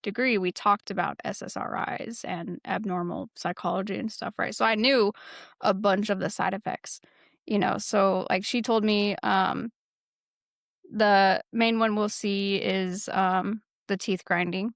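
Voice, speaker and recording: Young woman co-host, casual candid chat, some vocal fry, dry close sound. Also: mid-range voice, fairly even intonation, measured pace, no room sound. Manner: candid, rambling, heavy on fillers. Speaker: podcast co-host.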